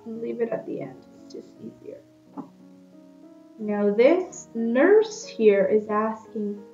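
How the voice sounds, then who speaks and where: A woman teacher talks children through a recorded lesson, patient and steady, checking in with a frequent "okay?". Her voice sits a little high. It sounds slightly dull and lo-fi, in an echoey room with faint music underneath. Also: slow. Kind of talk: recorded online class instructions for children.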